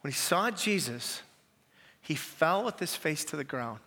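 A male pastor preaches in a high, bright, forceful voice, animated yet at a measured pace. He emphatically repeats his key phrases, and his sermon echoes through a large, reverberant hall.

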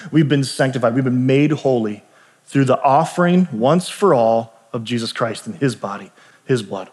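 A man preaching a sermon in a relaxed, conversational way, often restarting phrases and tossing in asides to the congregation. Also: mid-range voice, normal speed. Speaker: pastor. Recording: long reverb of a large hall.

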